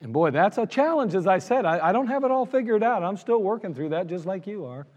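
Pastor guy preaching, earnest, hammers words by saying them over, kinda high voice, church echo. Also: expressive, brisk, a little mellow. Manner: earnest, emphatic, repeats phrases for stress. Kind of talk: sermon. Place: church sanctuary. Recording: reverberant church sanctuary.

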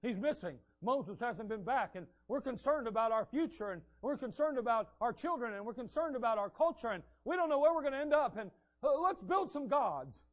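A man's voice: extremely high pitch, expressive, a little fast, hardly any pauses, lo-fi sound, pitched above the performer's own voice. A man preacher voicing an anxious crowd of ancient people, pleading with worry. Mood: worried. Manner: pleading, worried.

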